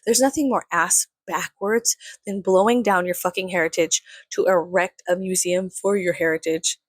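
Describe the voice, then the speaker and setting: A woman's voice: lowish voice, steady tone, normal speed, no room sound. A woman, ranting in a heated, sweary, rambling way. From San Antonio, Texas. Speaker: vlogger. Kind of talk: profane casual rant.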